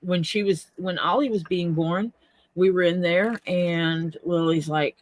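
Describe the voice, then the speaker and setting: An older woman in a casual chat, telling lively stories. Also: fairly low pitch, moderate pace, no room sound. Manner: lively, chatty storyteller.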